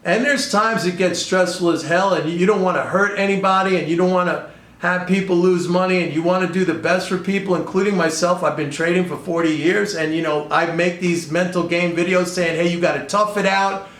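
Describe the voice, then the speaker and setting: A man's voice: sits high, steady tone, a little fast, a bit bright. An older man hosting his own show, talking in a sarcastic, exasperated and rambling way. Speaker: podcast host and trader. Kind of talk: casual commentary monologue. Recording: echoey room.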